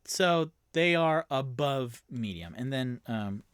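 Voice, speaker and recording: A man's voice: mid-range voice, animated, slow, a bit bright, clear, resonant tone, no room sound. A young man narrating a solo tabletop game as game master, chatty and prone to self-mocking tangents.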